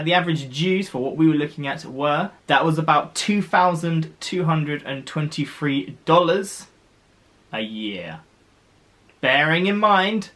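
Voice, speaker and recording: A man's voice: a little high, fairly bright tone. Chatty man explaining casually. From United Kingdom. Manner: chatty, rambling, with restarts. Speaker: vlogger.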